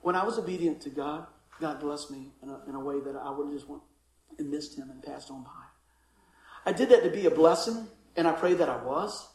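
High-voiced, animated man preaching. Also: brisk, echoey room, rough recording. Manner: animated storytelling, acting out voices. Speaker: pastor. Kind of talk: sermon.

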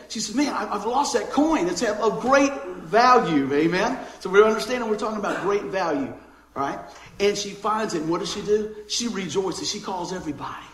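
A high-pitched man gives a relaxed, chatty sermon, constantly drawing the congregation in with questions. The sound is roomy and echoing, like a church hall, with a faint hum underneath. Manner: folksy, keeps asking the congregation "amen?" and "right?". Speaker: pastor. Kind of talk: conversational sermon.

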